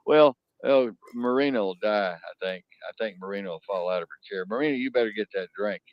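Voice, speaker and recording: A man's voice: fairly low pitch, fairly quick, no room sound. A man hosting a casual talk show, telling rambling stories and crude jokes with many restarts. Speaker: podcast host. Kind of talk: casual storytelling chat. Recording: dull lo-fi sound.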